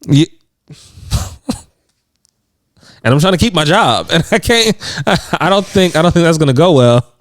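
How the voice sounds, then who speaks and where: A man's voice: a little high, lively intonation, moderate pace, pauses often, dry recording, clean studio sound. A man co-hosting a podcast in casual chat, rambling with plenty of "like" fillers and frequent laughs. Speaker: podcast co-host. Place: indoors on a couch.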